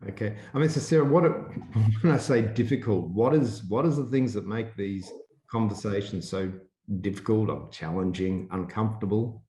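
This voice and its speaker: A mellow-voiced Australian man hosts a webinar, putting casual questions to the panel. His fairly low voice is heard in an echoey room. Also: moderate pace. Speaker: host. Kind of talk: webinar moderating.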